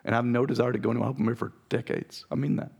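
A man preaching a sermon as pastor, with a raspy voice, earnest and direct with his congregation. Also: medium pitch, flat delivery, rapid-fire, a little mellow. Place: church sanctuary.

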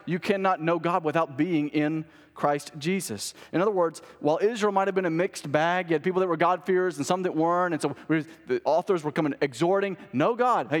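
A male pastor preaching a sermon in a church, earnestly repeating key phrases and moving between urgent appeals and hushed, intent passages. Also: a little high. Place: church sanctuary. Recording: reverberant church hall.

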